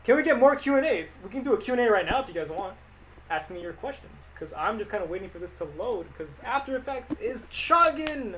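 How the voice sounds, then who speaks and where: A man's voice: high-pitched, animated, fast, slight background noise, rough recording. Offhand young man chatting on a livestream. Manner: rambling, offhand, joking, with restarts. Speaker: animator streaming live. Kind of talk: casual livestream chat answering viewer questions.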